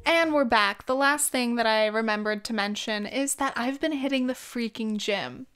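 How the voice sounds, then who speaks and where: A woman's voice: fairly high pitch, moderate pace, fairly bright tone, faint music behind. Rambling, swearing young Californian woman. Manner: rambling, swears freely, laughs often. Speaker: vlog host. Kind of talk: casual chat. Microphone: very close to the mic.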